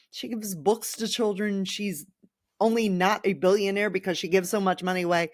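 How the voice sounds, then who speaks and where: A woman's voice: medium pitch, moderate pace, no room sound, studio quality. A young adult woman hosting a podcast, ranting casually and sarcastically about her sports teams with rambling asides. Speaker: podcast host.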